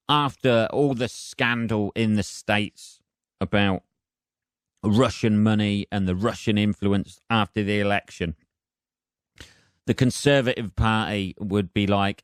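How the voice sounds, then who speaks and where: A man's voice: on the low side, fairly even intonation, unhurried, clear, resonant tone, no room sound, clean studio sound. A man hosting a solo podcast, rambling and self-mocking with lots of swearing. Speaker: podcast host.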